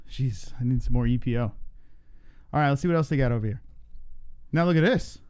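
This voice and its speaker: A man's voice: mid-range voice, fast, a little mellow, smooth. A man co-hosting a live-stream news show, joking crudely and out of breath. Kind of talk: casual live-stream banter.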